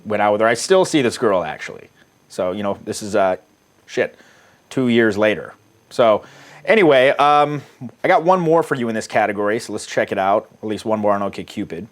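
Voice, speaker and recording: A middle-aged man from the United States, a dating coach talking casually and profanely while reading out his dating-app chats, often laughing at his own jokes. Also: on the low side.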